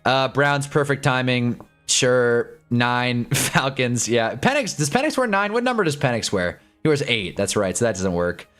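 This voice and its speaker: A man's voice: mid-range voice, sing-song, normal speed, hardly any pauses, fairly bright tone, soft background music. A man hosting a casual football live stream, rambling and joking with his chat.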